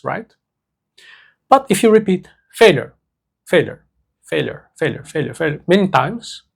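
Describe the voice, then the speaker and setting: A man teaching a self-help lesson, speaking slowly and deliberately and repeating key words for emphasis. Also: on the high side, vocal fry, breathy edge. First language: Portuguese.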